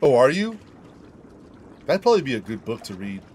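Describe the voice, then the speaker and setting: A man's voice: mid-range voice, big pitch swings, normal speed, a little mellow, a little hiss or hum. A young man streaming a game, telling a rambling, profane story and saying "dude" and "like" a lot. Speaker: gaming streamer. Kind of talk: casual storytelling while gaming.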